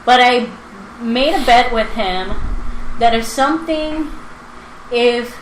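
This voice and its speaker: A woman in her twenties chatting casually and telling a story, animated, with lots of fillers and acted-out quotes. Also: on the high side, slow. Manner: animated, filler-heavy, acts out quotes with laughter. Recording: roomy with background noise.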